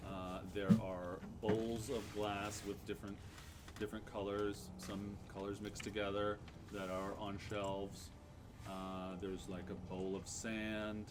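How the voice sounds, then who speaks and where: A man's voice: lowish voice, little pitch movement, takes it slowly. Man narrating a tabletop game, noisy room. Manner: hesitant, many fillers, chuckling. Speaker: game master. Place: backyard or living room, home table. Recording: noisy home table recording.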